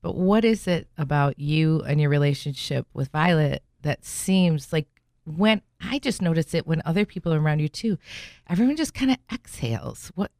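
A woman's voice: low-pitched, expressive, normal speed, darkish tone, dry recording, clean studio sound. A middle-aged woman hosting a radio show, chatting and telling stories with lots of fillers. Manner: chatty, storytelling, many fillers. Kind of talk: casual radio interview. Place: radio studio.

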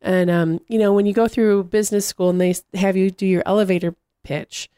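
A woman in casual conversation, telling animated stories and acting out what people said. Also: mid-range voice, brisk, clear, resonant tone, no room sound, studio quality. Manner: animated storyteller, acts out quotes.

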